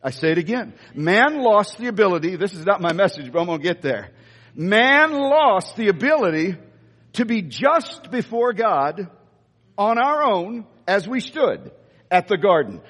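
A man preaching a sermon, stressing and repeating key lines, moving between slow weighty phrases and quick asides. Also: high-pitched, fairly bright tone, breathy edge. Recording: echoey church hall.

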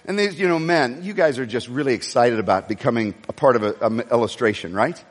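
A man preaching a sermon as pastor, telling stories animatedly and swinging between quiet asides and raised, emphatic lines. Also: fairly high pitch, quick pace. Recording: long reverb of a large hall.

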